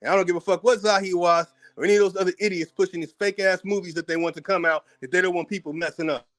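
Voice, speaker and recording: A man's voice: sits high, fairly even intonation, quick pace, fairly bright tone. An American man hosting his own channel, delivering a heated, profane commentary rant, combative and repeating words as he gets worked up. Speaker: channel host.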